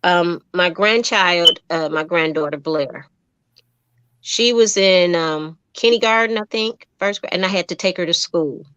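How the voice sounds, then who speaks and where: A woman's voice: on the low side, unhurried, clear, resonant tone, no room sound, highs cut off. A middle-aged woman, a guest in an interview, telling her story in a heartfelt, emphatic way and acting out the voices of the people in it. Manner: animated storyteller who acts out quoted dialogue.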